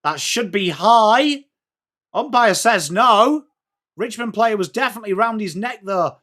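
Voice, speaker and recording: A man's voice: high voice, expressive, measured pace, fairly bright tone. An English man hosting a live sports watch-along stream, calling the play and chatting to viewers in between. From England. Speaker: livestream host.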